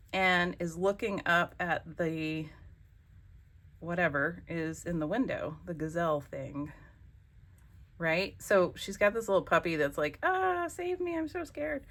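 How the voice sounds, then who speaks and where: Chatty woman hosting a slow craft vlog. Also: lowish voice, fairly bright tone. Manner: chatty, exclamatory, talks to herself while working. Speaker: crafting channel host. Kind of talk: casual crafting vlog chat.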